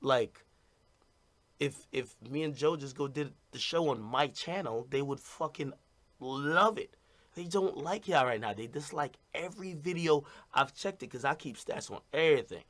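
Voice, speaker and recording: A man's voice: fairly high pitch, lively intonation, normal speed, fairly bright tone. A man talking casually and bluntly to his stream audience, rambling and repeating "you know what I mean".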